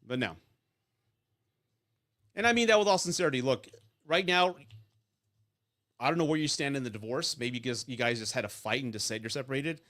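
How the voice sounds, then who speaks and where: A man's voice: medium pitch, a little fast, long pauses, a bit bright. A man hosting a live advice stream about divorce and dating, talking bluntly and casually, telling stories and checking in with "right?". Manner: blunt, profane, storytelling with lots of "right?".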